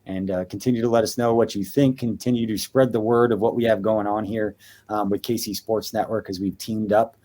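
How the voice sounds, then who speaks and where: A man's voice: fairly low pitch, fairly even intonation, brisk, dark tone. A man in his thirties co-hosting a sports podcast, talking in a chatty, rambling way with lots of filler words. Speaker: podcast co-host. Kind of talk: casual sports podcast chat.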